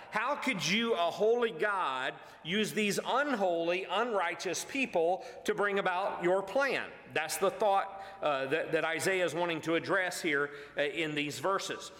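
A man's voice: sits high, pushed and bright. A man teaching a verse-by-verse Bible sermon, earnest and emphatic, with frequent uh fillers and restarts. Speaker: pastor. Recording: echoey hall with long reverb.

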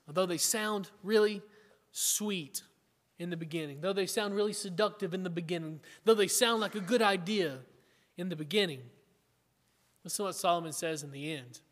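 A man's voice: sits high, fairly bright tone. A middle-aged man preaching a sermon in an earnest, conversational way, often asking his listeners questions. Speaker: pastor. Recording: long hall reverb.

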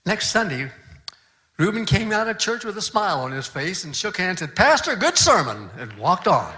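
Older pastor telling a sermon story. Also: male voice, sits high, lively intonation, moderate pace, pushed and bright. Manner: conversational, earnest, with frequent restarts.

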